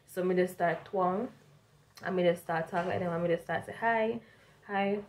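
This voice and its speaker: A woman's voice: fairly low pitch, flat delivery, a little fast, darkish tone, slight background noise. A young woman from Jamaica with a strong Jamaican accent, telling a vlog story casually and animatedly, slipping between standard English and Jamaican Patois. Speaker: vlogger.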